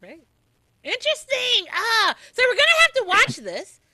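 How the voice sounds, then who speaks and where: A woman hosts a radio talk show, her voice high and very bright. She talks with animated, swooping emphasis and jumps in to drive points home. The sound is close and dry. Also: normal speed, dry recording.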